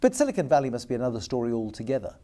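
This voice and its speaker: A man hosting a TV business interview, asking measured, probing questions. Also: mid-range voice, very animated, dark tone.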